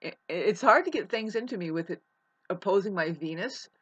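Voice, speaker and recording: A woman with a bright, forceful voice rambles through an astrology talk, emphatic and loose, tossing in curses and calling her listener babe. The sound is dull and lo-fi. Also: medium pitch, animated, normal speed, slightly rough. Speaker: astrology vlogger. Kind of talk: casual astrology monologue.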